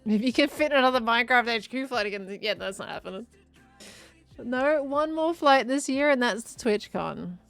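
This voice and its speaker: A woman's voice: a little high, lively intonation, moderate pace, creaky, a bit bright, soft background music. A woman, chatting casually on a live stream, rambling and laughing as she reads chat. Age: 20s.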